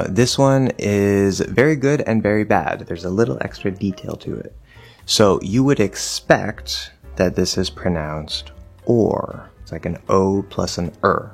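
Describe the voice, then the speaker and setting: Low, unhurried male pronunciation teacher. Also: creaky. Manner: patient, repeats example sounds slowly. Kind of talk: explanatory lesson.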